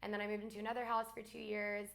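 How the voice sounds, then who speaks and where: A young woman from Alabama, a guest in a casual chat, talking fast with lots of fillers and laughs. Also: mid-range voice, monotone, vocal fry, a bit bright. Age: young adult.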